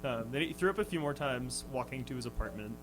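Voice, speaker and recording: A man's voice: mid-range voice, lively intonation, quick pace, fairly bright tone, soft background music, poor audio. A young man, a touring musician, telling a story on a radio show with lots of ums and restarts. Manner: hesitant, full of ums and restarts, laughing often. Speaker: touring band musician, guest. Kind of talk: casual storytelling in an interview. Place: radio studio.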